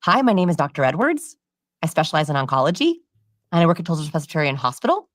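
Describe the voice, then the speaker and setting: A woman's voice: low-pitched, big pitch swings, quick pace, no room sound, clean studio sound. A woman guest on a podcast, explaining body language and voice research in a confident way. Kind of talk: podcast interview.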